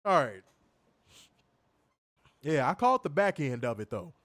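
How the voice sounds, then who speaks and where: Man, wrestling review livestream, slightly high voice, dry close sound, casual and profane, repeats lines. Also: sing-song, unhurried, fairly bright tone, no echo. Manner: loose, profane, repeats himself, reads chat aloud.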